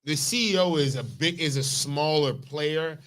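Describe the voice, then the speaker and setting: A man's voice: a little high, a bit bright. A man co-hosting a comedic news talk show, rambling with restarts and casual swearing. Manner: rambling, profane, halting restarts. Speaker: co-host.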